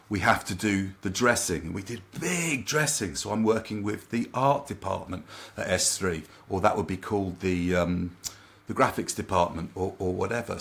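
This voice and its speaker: A man with a fairly low voice tells a work story as a guest coach in a relaxed interview. He talks in a lively, anecdotal way and slips into other people's remarks as he goes. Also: creaky. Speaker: confidence coach and trainer.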